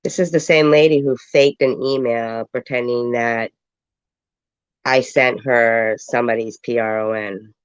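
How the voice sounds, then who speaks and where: A woman's voice: rumbling low, fairly even intonation, unhurried, clear, resonant tone, no echo, lo-fi sound. A woman with a stuffy, congested voice giving sarcastic, mocking live reaction commentary. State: congested from a cold.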